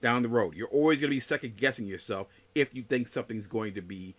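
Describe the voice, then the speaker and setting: A man hosting a solo podcast, giving a measured, emphatic analysis as a political scientist. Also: mid-range voice.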